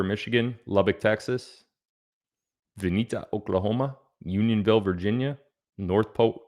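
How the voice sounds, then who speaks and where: A man hosting a casual livestream, chatting loosely and reading out where viewers are from. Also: low voice. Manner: chatty, reads out viewer locations. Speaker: livestream host.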